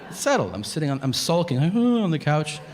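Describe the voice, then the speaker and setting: A man's voice: on the high side, fast talker. A stand-up comedian in his thirties telling a profane story on stage, acting out both sides of a conversation. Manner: animated, profane storytelling with acted-out dialogue. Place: comedy club stage before a laughing audience. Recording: reverberant venue with crowd noise.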